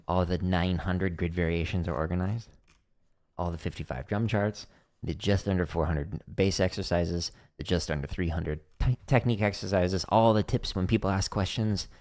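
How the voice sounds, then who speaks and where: A man's voice: low-pitched, a little mellow. A middle-aged man hosting a drum practice livestream, chatty and explaining exercises step by step with casual fillers.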